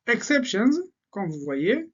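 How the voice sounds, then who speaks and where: A man whose first language is French, teaching an English grammar lesson and laying out word-order patterns slowly and deliberately. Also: sits high, very animated, a bit bright, slightly rough. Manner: slow, deliberate explaining with repeated patterns. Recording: slightly dull lo-fi sound.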